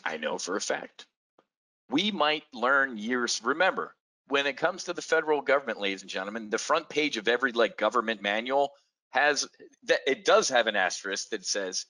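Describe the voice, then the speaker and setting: A man delivers a lively trading webinar pitch, calling out to the folks listening. His voice is bright and forceful, with sudden jumps in pitch to hammer home each point. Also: moderate pace, rough recording. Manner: animated, folksy, speaks straight to the listeners. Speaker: options trading webinar presenter. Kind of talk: energetic trading pitch to an audience.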